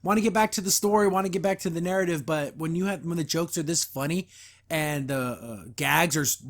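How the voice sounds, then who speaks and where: A man's voice: fairly high pitch, a little fast, a bit bright. A man hosting a podcast, giving a casual, rambling episode review full of enthusiasm and frequent laughs. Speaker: podcast host.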